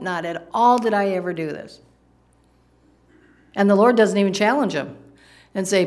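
Low-voiced woman preaching emphatically. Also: fairly even intonation, moderate pace. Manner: emphatic, with rhetorical questions to the congregation; explains Greek word meanings. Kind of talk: sermon.

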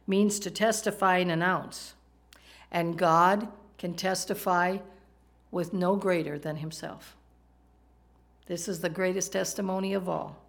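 Woman preaching a conversational sermon. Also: on the low side. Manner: conversational, asks the congregation questions. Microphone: microphone, PowerPoint slides in a church.

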